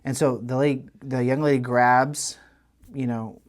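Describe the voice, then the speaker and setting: A man, co-hosting a podcast and telling a long story in a casual, animated way with lots of restarts. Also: medium pitch, unhurried. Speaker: podcast co-host. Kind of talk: casual chat.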